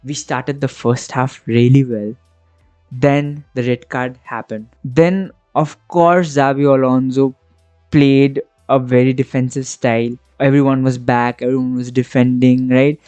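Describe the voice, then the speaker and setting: A man's voice: medium pitch, fairly even intonation, measured pace, a little mellow, smooth, dry recording, muffled recording, faint music behind. A man hosting a football reaction vlog, ranting with passion and exasperation, and often checking in with the listener. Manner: passionate, exasperated ranting with frequent tag questions. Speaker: football fan channel host.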